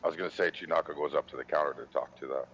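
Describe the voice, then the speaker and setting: Male player, extremely deep voice, halting, muffled recording. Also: a bit bright, recorded from a distance, a little hiss or hum. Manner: hesitant, with "uh"s. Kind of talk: casual tabletop play.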